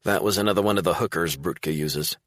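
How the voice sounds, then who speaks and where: A man voicing a tough, no-nonsense woman police detective who speaks firmly and briskly in an audiobook. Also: low-pitched, fairly bright tone, dry recording, clean studio sound. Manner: firm, brisk.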